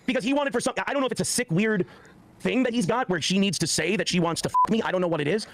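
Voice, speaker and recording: A man's voice: high-pitched, very fast, fairly bright tone. A man in his forties telling a heated personal story on a podcast, swearing often and acting out what others said. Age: 40s. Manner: profane, heated, acts out quoted speech.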